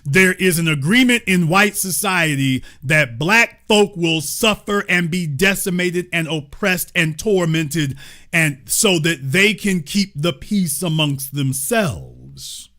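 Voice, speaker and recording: A middle-aged man hosting impassioned political commentary, preaching and rising to near-shouts, mocking the people he quotes. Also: a little high, lively intonation, slow pace.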